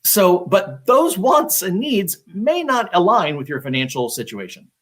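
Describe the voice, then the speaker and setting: A man's voice: high voice, sing-song, a little slow, a bit bright. A man working as a real estate agent, giving casual advice on a live stream, talking conversationally with many fillers and restarts.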